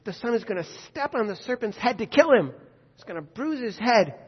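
A man preacher voicing Jesus as a calm adult male teacher, earnestly questioning his followers. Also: very high-pitched, brisk, husky, heavily acted. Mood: gently chiding. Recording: dull lo-fi echoey hall.

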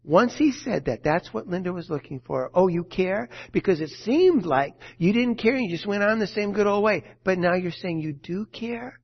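A man preaching a sermon, earnest, shifting from loud emphasis to hushed, quiet lines. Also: high voice, expressive, moderate pace, hardly any pauses, slightly rough, lo-fi sound.

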